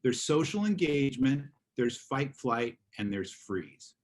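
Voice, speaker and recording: Casual male teacher lecturing over a video call, animated examples. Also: mid-range voice, measured pace. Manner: casual, acts out examples in voices. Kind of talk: online class lecture.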